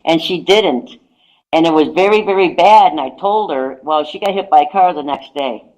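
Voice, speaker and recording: A woman's voice: sits low, moderate pace, darkish tone, rough recording. A woman psychic guest on a radio talk show, casually telling a long anecdote and repeating "I says" as she goes. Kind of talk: casual radio chat, storytelling.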